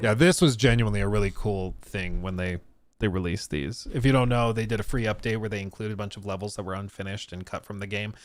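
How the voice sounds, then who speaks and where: A man's voice: fairly low pitch, fast talker, soft background music. A man hosting a casual gaming livestream, talking loosely with many fillers and restarts. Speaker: streamer host.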